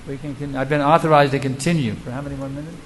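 A man's voice: mid-range voice, steady tone, racing, slight background noise, rough recording. A man who is a spiritual teacher, answering audience questions in a devotional lecture. He speaks rhetorically and emphatically, often asking his listeners questions.

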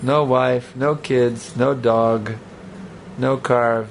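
A man's voice: mid-range voice, steady tone, very slow, a little hiss or hum. A man giving a spiritual talk to a live audience in a conversational, rambling way, with joking asides. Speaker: spiritual teacher. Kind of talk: sermon with audience banter.

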